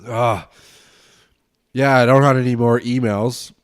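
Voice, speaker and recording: A man's voice: mid-range voice, steady tone, unhurried, dry recording, clean studio sound. A man hosting a casual solo podcast at home, ranting and swearing in a loose, tipsy way, his nose stuffed up. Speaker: podcast host.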